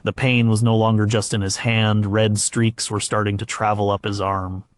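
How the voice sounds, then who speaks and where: A man narrating a scripted history documentary in a measured way, with occasional stumbles and fillers. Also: on the low side, flat delivery, no room sound, studio quality.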